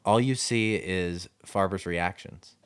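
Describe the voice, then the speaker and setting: A man's voice: deep voice, takes it slowly, smooth, dry recording. A man co-hosting a podcast, talking through a film casually with many fillers and restarts. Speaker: podcast co-host.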